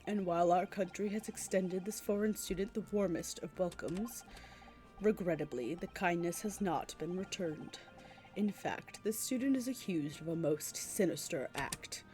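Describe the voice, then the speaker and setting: A woman's voice: mid-range voice, mellow, natural voice. A woman voicing a cold, haughty male British prosecutor in a game, lofty and formal in her delivery.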